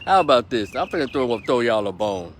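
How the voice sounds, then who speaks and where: A man's voice: medium pitch, big pitch swings, brisk, a little hiss or hum. A man delivering a heated, profane opinion rant as a political commentator, hammering points home by repeating them. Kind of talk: ranting opinion vlog.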